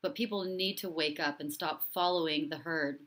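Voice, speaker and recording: A woman with a somewhat low voice hosts a live-stream commentary show. She speaks with an impassioned, repeating rhythm and stops now and then to read out viewer comments. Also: moderate pace, fairly bright tone, slight background noise. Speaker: host and relationship coach.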